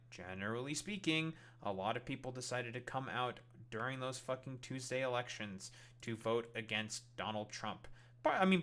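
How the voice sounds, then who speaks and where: A man's voice: mid-range voice, bright, forceful tone. A male streamer delivering a heated, profanity-laden political rant while reacting to clips. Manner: heated, swears constantly.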